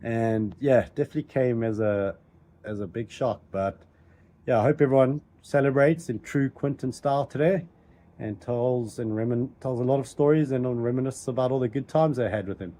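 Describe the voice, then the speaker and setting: Man with a mellow voice sending condolences. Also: mid-range voice, normal speed. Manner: plain and steady, with fillers. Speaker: relative sending a recorded message. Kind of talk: recorded condolence message.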